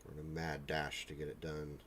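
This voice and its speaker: Man, 40s, extremely deep voice, easygoing self-mocking stream host chatting at his hobby desk. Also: monotone, brisk, a bit bright, slight background noise. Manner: rambling, joking, self-deprecating asides. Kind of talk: casual chat while painting miniatures. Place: home hobby room with a printer and air purifier.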